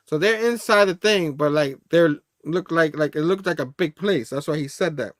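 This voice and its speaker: Male comic review host, slightly high voice, loose and chatty with frequent laughs, dry close-miked sound. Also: normal speed, no echo. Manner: loose and chatty, laughs often, reads comic dialogue aloud. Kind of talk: casual rambling comic recap.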